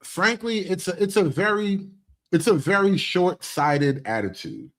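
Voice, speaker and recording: A man's voice: sits high, very animated, a little slow. A man hosting a reaction commentary show, talking in an opinionated way and often restarting his phrases. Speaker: commentary host.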